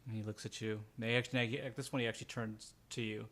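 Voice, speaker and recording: A man's voice: on the low side, little pitch movement, fast, a bit bright. A man running a tabletop role-playing game as game master, narrating scenes and speaking for characters.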